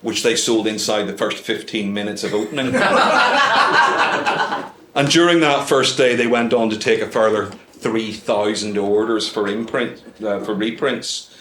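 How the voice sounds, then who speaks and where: A man's voice: on the low side, expressive, a little slow, sharp tone, roomy sound, a little hiss or hum. A man giving a humorous talk to a club, full of dry asides and hesitant ums. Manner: wry, dry asides with many ums and uhs. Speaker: guest speaker. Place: club meeting room.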